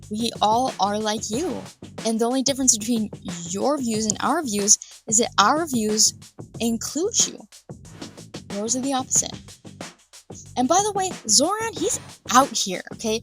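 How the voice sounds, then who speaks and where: A young woman vlogger giving indignant, sarcastic reaction commentary, sometimes drawing words out slowly for emphasis. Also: high voice. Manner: pauses to over-stress words slowly.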